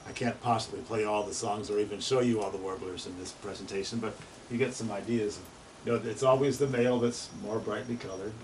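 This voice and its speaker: A man's voice: lowish voice, steady tone, brisk, background noise. Chatty man presenting, heard from afar. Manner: chatty, asks the audience questions, imitates bird songs in words. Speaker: bird presenter. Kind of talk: informal slide presentation to an audience. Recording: distant mic with loud bird recordings playing.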